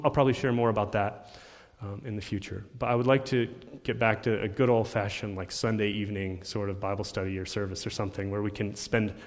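A man, a pastor, giving an earnest sermon and leading a closing prayer, often restarting and repeating words. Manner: earnest, rises in pitch and volume when reading scripture aloud. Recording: long reverb of a church hall.

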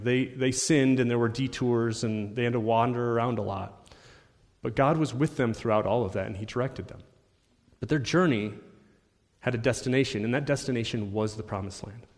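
A man, a pastor, giving an earnest sermon and leading a closing prayer, often restarting and repeating words. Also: a little mellow. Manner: earnest, rises in pitch and volume when reading scripture aloud. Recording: long reverb of a church hall.

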